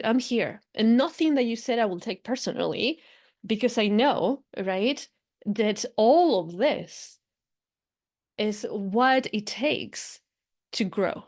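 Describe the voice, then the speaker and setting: A woman hosting a spiritual podcast, musing in a casual, animated way, often acting out inner voices and laughing. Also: on the high side. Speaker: podcast host and spiritual coach. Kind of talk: casual reflective monologue.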